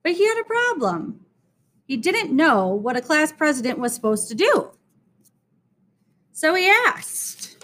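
A woman reading a children's book aloud in an expressive, deliberate way. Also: fairly high pitch. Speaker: storyteller.

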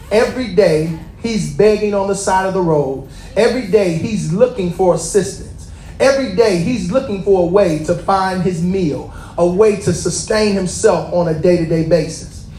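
Preacher man, super high voice, fired up and shouting, echoey room. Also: normal speed, slight background noise. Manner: impassioned, builds to shouting. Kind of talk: sermon with scripture reading.

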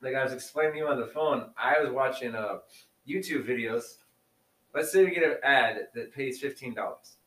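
A man's voice: mid-range voice, normal speed, fairly bright tone, recorded from a distance. Casual male podcast co-host, rambly and laughing, a bit off-mic in a roomy space. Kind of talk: casual chat.

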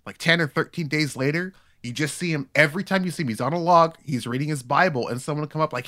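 A man's voice: fairly high pitch, quick pace, few pauses, bright, forceful tone. Rambling, crude male podcast storyteller. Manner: rambling storyteller, laughs often, acts out quoted people. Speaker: podcast co-host. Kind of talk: crude casual comedy chat.

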